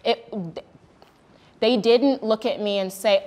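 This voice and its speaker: A woman's voice: fairly high pitch, steady tone, slow, dark tone. A woman hosting a candid panel talk, telling a personal story in an earnest way and acting out the voices of the people in it. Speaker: host.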